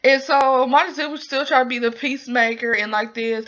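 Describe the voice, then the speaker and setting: Rambling young woman with a bright voice. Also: high voice, a little fast. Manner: rambling, full of ums and likes. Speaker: drama recap vlogger. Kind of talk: casual spoken recap. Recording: dull lo-fi recording.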